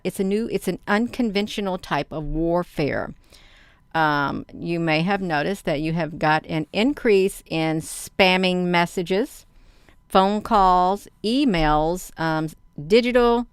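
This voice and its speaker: A woman's voice: lowish voice, slow, clean tone, no echo. A woman hosting her channel, chatting casually, reading articles aloud and addressing viewers directly with frequent "you all". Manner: talks to viewers by name in the chat. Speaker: channel host.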